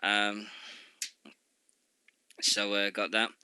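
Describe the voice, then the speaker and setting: A man hosting a casual radio show, reading event listings in a halting way full of fillers and asides. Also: lowish voice, monotone, bright, forceful tone, clean tone, no room sound.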